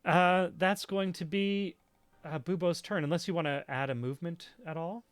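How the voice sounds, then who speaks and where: A man's voice: fairly high pitch, normal speed, clean tone, dry recording. A man running a tabletop game as game master, chatty and upbeat with many fillers.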